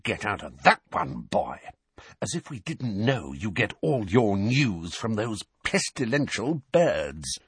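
A man's voice: on the low side, very animated, takes it slowly, a bit bright, breathy edge, no room sound, full character voice. A man reading aloud and voicing a blustering, bullying middle-aged uncle who snarls in a strained, raised voice. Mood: triumphant.

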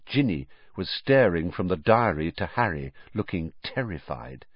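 Male storyteller, lively pitch, dry close sound, a bit muffled. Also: normal speed, husky, no echo. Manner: expressive, animated reading. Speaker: audiobook narrator. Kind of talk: scripted narration.

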